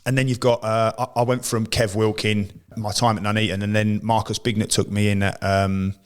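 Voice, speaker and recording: A man's voice: lowish voice, flat delivery, fairly quick, clear, resonant tone. An English man, an ex-footballer, telling rambling stories in a casual podcast chat, full of restarts. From England. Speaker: podcast co-host, ex-professional footballer.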